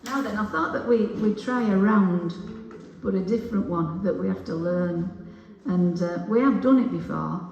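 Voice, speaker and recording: A woman's voice: mid-range voice, normal speed, darkish tone, recorded from a distance, lo-fi sound, slight background noise. An older woman from England leads a singing group, chatting, joking and teaching songs line by line into a microphone. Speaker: singing session leader. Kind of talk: leading a group singalong. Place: large echoey hall. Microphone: microphone on a stand. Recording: echoey hall with long reverb.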